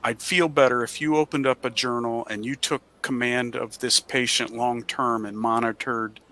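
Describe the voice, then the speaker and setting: A man's voice: medium pitch, flat delivery, normal speed, pushed and bright. A man playing a tabletop game, earnestly reasoning through his character's plans. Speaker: player.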